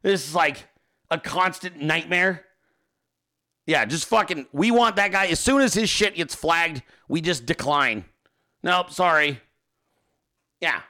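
A man's voice: a little high, expressive, slow, pauses often, pushed and bright. A man hosting a casual livestream, reading viewer emails aloud and ranting with heavy profanity. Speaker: host.

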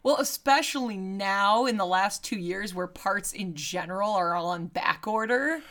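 Bright-voiced woman in casual chat, quick to laugh. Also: mid-range voice. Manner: laughs often, animated and chatty. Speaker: podcast co-host.

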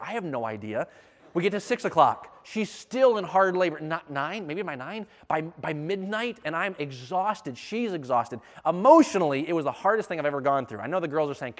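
A man telling a personal story in a sermon, animated and emphatic, his intensity rising as he speaks. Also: fairly high pitch, quick pace. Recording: long reverb of a hall.

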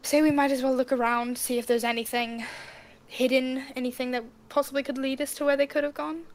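High-voiced woman bantering at a game table. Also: level tone, a little fast. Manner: giggly, teasing banter. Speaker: player. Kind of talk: casual chat in a tabletop game.

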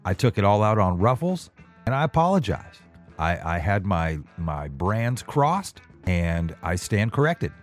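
Low-voiced rambling male podcast host. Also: very animated, unhurried, faint music behind. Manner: rambling, self-deprecating, frequent restarts. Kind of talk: casual monologue.

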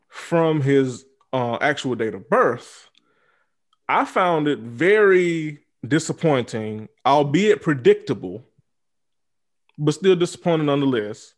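A man hosting a podcast, speaking in a heated, profane, repetitive casual rant. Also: fairly high pitch. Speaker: podcast host. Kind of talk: casual chat.

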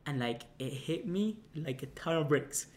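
A young man telling a casual anecdote, rambling and halting with many restarts and fillers. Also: fairly high pitch, expressive. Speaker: storyteller.

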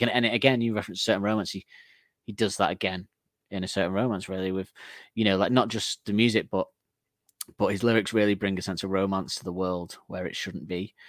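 Male podcast co-host, low voice, rambling and self-deprecating, laughs a lot, dry close mic. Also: no echo. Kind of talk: casual music podcast chat.

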